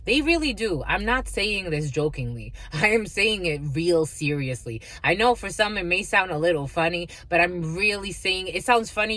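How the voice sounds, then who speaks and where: A woman's voice: fairly low pitch, fairly bright tone, dry recording. A woman giving a casual spiritual reading, blunt and profane, laughing often and calling listeners her lovies. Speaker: spiritual reader.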